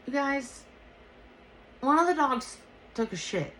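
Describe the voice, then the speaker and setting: A woman hosting a podcast, telling a personal story in a casual, animated way and swearing freely. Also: high voice, slow, slight background noise. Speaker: podcast host.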